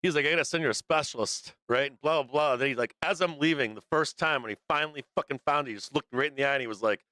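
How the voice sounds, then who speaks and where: Profane, brightly rambling male market streamer. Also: a little high, very fast, dry recording, studio quality. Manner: rambling, profane, laughing often. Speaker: stock market livestream host. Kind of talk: casual profane market commentary.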